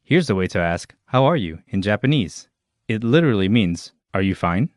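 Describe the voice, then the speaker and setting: Deep-voiced man narrating a language lesson. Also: lively intonation, no room sound, studio quality. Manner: clear, measured instructional delivery.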